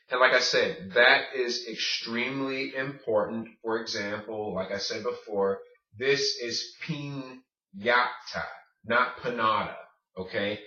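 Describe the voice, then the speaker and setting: A man teaching a recorded Spanish pronunciation lesson, saying words slowly and repeating them. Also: mid-range voice, bright, forceful tone. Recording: echoey room, distant dull mic.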